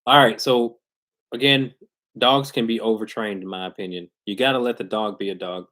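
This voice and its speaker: On a glitchy live internet stream, a man who trains dogs answers questions in a loose, slangy way, often starting sentences over. His voice is lowish and fairly bright, with fairly even intonation and a moderate pace.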